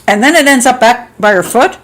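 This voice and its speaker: A woman's voice: expressive, a little fast. A middle-aged woman hosting a live stream, chatting and reading out viewer comments. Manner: chatty, reads viewer comments, laughs often; acts out quotes with sharp jumps in pitch. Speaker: host.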